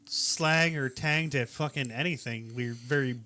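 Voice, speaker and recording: Blunt Upper Midwest man, bright voice. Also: mid-range voice, measured pace. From Wisconsin. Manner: blunt, storytelling, swears. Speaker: podcast co-host. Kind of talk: casual podcast chat.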